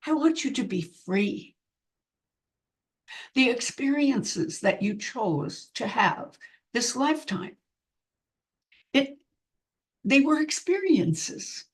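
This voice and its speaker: A woman speaking as a spiritual medium, delivering a channeled message in slow, earnest, halting phrases. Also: high voice, lively intonation.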